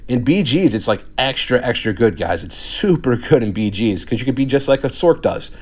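A man's voice: mid-range voice, expressive, normal speed, darkish tone. A young man giving boastful, trash-talking commentary over his own gameplay footage. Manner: cocky trash talk, swaggering. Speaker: gaming video commentator.

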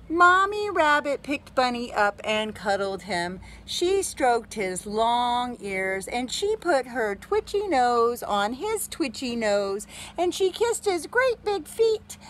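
A woman reading a picture book aloud to a child, gently and slowly, with gasps and exclamations. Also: fairly high pitch, big pitch swings, slight background noise.

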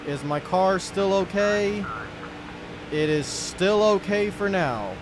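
A young man commenting on his own racing game play, muttering to himself and yelling when things go wrong. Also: high voice, slow, background noise. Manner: excitable, yells when wrecked, mutters to himself. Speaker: gaming YouTuber.

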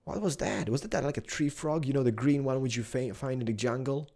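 A young man giving excitable Let's Play commentary, exclaiming and chatting to the animals he finds. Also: mid-range voice, a little fast. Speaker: gaming YouTuber.

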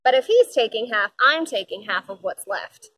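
A woman's voice: fairly high pitch, expressive, moderate pace, bright, forceful tone, no echo. A woman voicing a nervous, proud female hippo in a storybook, flustered and stammering.

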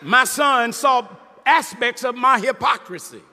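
High-pitched preaching man, echoing hall. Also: measured pace. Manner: preaching, rising to shouts, call-and-response asides. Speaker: minister. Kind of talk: sermon testimony. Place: large hall before an audience. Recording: live hall with reverb, crowd behind.

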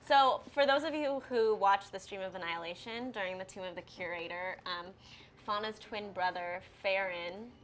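A woman's voice: medium pitch, normal speed, slight background noise. A woman player on a livestream, talking upbeat and straight to the viewers. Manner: upbeat, addresses viewers directly. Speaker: player and co-host. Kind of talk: casual chat on a livestream.

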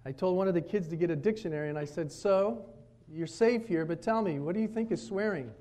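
Male pastor, slightly high-pitched, animated sermon delivery with family anecdotes. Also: fairly quick. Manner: storytelling preacher, animated, quotes his kids. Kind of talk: sermon at a retreat. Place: retreat meeting room.

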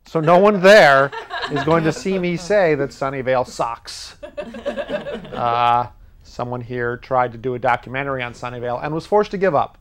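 A man with a slightly high, somewhat bright voice hosts a public access TV show from a studio. His casual comedic monologue rambles, mocks himself, and plays out both sides of conversations in rapid voices.

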